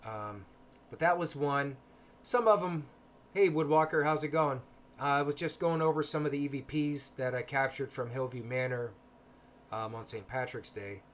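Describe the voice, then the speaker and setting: A man hosting a casual livestream, talking softly and hesitantly with frequent pauses and fillers, greeting chat viewers between stretches of explanation. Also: mid-range voice, a little hiss or hum. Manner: soft-spoken, hesitant with many ums. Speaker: paranormal livestream host.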